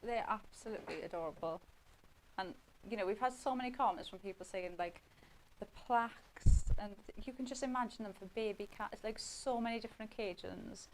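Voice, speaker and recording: Chatty woman with a gravelly voice. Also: mid-range voice, moderate pace, slight background noise, low-quality recording. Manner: chatty running commentary while working with her hands. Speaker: craft demonstrator. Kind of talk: live TV craft demonstration.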